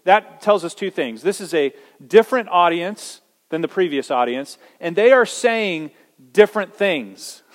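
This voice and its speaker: Earnest preaching man in a reverberant hall. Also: high voice. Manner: earnest, emphatic preaching with dramatic pauses. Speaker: pastor. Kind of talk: sermon. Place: church hall.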